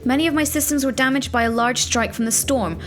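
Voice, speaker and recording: A woman's voice: high-pitched, brisk, pitched above the performer's own voice, natural voice. Brief: a woman reading as a lovesick male spaceship AI, earnest and plainly read, with faint music behind. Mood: matter-of-fact. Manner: plain reading aloud of on-screen dialogue.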